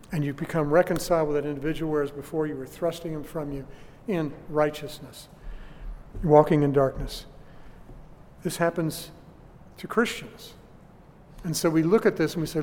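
A man's voice: a little high, fairly even intonation, normal speed, long pauses, a little mellow. Earnest preaching man in a reverberant hall. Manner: earnest preaching with rhetorical questions. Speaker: pastor. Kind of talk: sermon.

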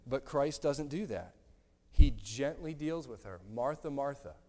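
A man preaching a sermon in an earnest, gently emphatic way, often repeating his words. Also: mid-range voice, lively intonation, measured pace. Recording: long hall reverb.

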